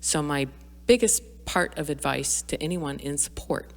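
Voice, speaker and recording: Low-voiced woman in an echoey room. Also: unhurried, vocal fry. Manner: earnest, reflective, frequent fillers and restarts. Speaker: podcast guest. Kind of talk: candid personal conversation.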